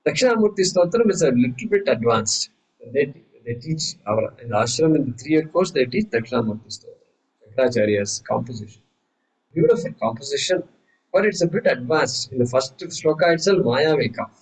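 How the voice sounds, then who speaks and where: A man teaching a scripture class, lively, asking rhetorical questions and acting out voices. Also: mid-range voice, poor audio. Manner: animated, acts out quoted voices, rhetorical questions. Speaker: Vedanta teacher. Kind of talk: class lecture.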